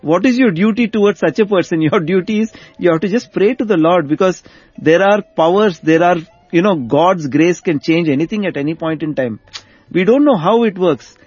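A man with a notably high, husky voice tells a devotional story with animated delivery, circling back over key phrases. The recording sounds dull and lo-fi, with faint music beneath. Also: moderate pace, no echo. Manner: animated, repeats phrases for emphasis. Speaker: guest storyteller.

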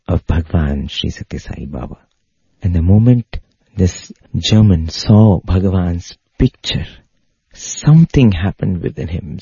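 A man telling a devotional story in an earnest way, his voice going higher when he quotes others. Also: vocal fry, dark tone, slightly rough, dry recording. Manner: earnest, rises in pitch when quoting others. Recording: dull lo-fi dry recording.

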